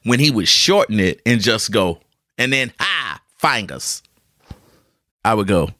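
Male podcast host, lively storyteller, close dry sound, jokey and conversational. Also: fairly low pitch, moderate pace, dry recording. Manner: animated, jokey, repeats words, talks to listeners. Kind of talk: casual storytelling monologue. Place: hot room at home with a ceiling fan.

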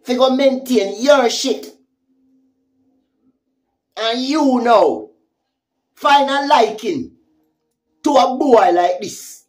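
A woman's voice: on the high side, animated, drawn-out words, pauses often. Heated Jamaican woman ranting. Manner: heated, profane, confrontational, repeats taunting questions. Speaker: social media commentator. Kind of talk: angry vlog rant.

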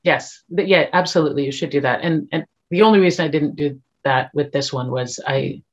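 A woman's voice: sits low, brisk, muffled recording. Middle aged canadian woman, chatty, tells audition stories with little laughs. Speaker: guest actor. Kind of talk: casual chat.

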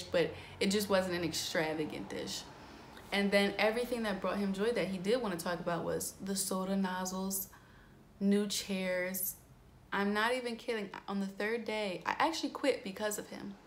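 A woman's voice: mid-range voice, normal speed. Young female vlogger, mid-range voice, chatty and candid, lots of fillers, light background noise. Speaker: astrology vlogger. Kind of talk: casual storytelling vlog.

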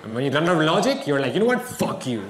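Young male stand-up comic, slightly high voice, deadpan with exasperated bursts, roomy live theatre with audience noise behind. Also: racing. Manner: deadpan, with sudden exasperated outbursts in quoted asides. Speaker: stand-up comedian. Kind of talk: stand-up comedy routine. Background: audience laughter.

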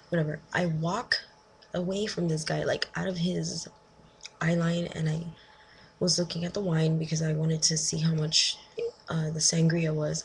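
A young woman vents about her day in a loose, exasperated storytelling rant, peppering everything with "like" and "right?". Her voice sits fairly low with a gravelly edge. A faint hiss runs underneath. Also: rough recording. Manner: animated, exasperated, lots of "like" and "right?". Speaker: vlogger.

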